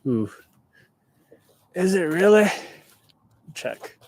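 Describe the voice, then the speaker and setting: This young man from California does a casual livestream from his car, reading out viewers' comments in a relaxed manner. He has a high, sing-song, slightly mellow voice and speaks extremely slowly, and his clip-on mic picks up a little hiss or hum.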